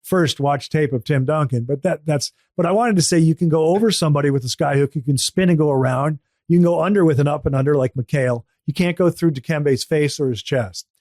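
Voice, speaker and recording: A man hosting a talk show, chatting casually and reading ads with deadpan humor. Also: fairly high pitch, fairly quick, few pauses, no echo, studio quality. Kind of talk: casual chat and ad read.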